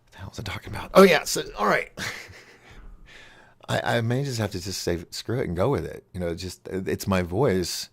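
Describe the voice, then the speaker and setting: A man's voice: low voice, sing-song, moderate pace, vocal fry. A man hosting a call-in show in a casual, rambling monologue, giggling often at his own jokes. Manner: rambling, restarts and trails off.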